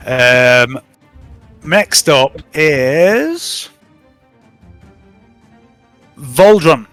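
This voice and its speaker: A man's voice: on the high side, very slow, long pauses, bright, forceful tone, faint music behind, poor audio. A man running a tabletop game as game master, joking and playfully bossy with his players.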